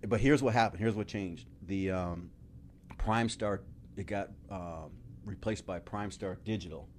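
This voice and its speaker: Middle-aged male guest, low-pitched, lively storyteller who laughs and curses freely. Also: unhurried, slight background noise. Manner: animated, laughing, swears casually. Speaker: podcast guest, entrepreneur. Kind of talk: casual interview storytelling.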